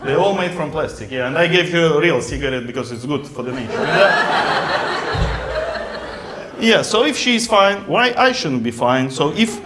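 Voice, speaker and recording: A man's voice: fairly high pitch, moderate pace. A middle-aged man who is not a native English speaker, performing a stand-up set in broken English on a club stage. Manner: broken English, animated, shouts to the crowd near the end. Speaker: stand-up comedian. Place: comedy club stage in front of a live audience. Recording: roomy club sound with crowd laughter and noise. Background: audience laughing, room noise.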